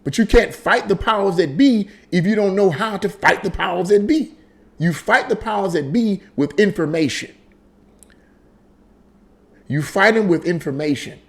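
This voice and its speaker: A man's voice: high-pitched, moderate pace, creaky. A man hosting a casual political commentary monologue, emphatic and conversational, repeating his points as he tells a story. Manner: animated storytelling with frequent repetition. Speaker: political commentary channel host.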